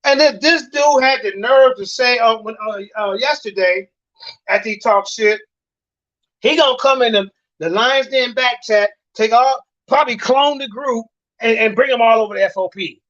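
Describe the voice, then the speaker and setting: A man's voice: very high-pitched, normal speed, a bit bright, dry recording. A man hosting a heated online group chat, ranting and cursing, repeating himself as he argues. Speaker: show host. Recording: dull, dry online call audio.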